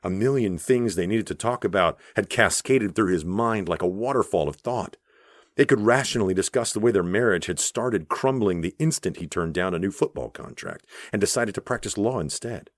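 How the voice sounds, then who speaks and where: A man narrating an audiobook in a measured, even storytelling voice on a close studio mic. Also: fairly low pitch, dry recording. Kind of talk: scripted narration.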